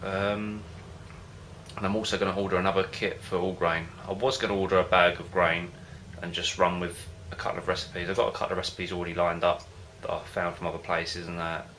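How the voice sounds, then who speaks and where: A man with a low, steady voice that stays within a narrow range and has a bright, forward tone chats casually to camera as a home-brewing vlogger. He talks a little fast, rambling, hesitating and losing his thread, with slight background noise.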